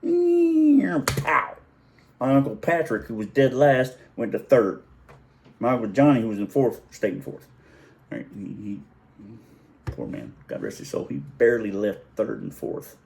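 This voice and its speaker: A middle-aged man spins a casual family story into the camera. His voice is fairly low and mellow, and he rambles along, stopping to correct himself and chuckle. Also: expressive, normal speed, gravelly. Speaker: vlogger.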